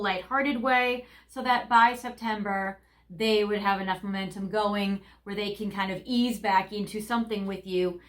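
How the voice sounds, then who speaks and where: A woman's voice: medium pitch, a bit bright. A woman giving a casual tarot card reading, chatty and rambling, with lots of fillers. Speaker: tarot reader.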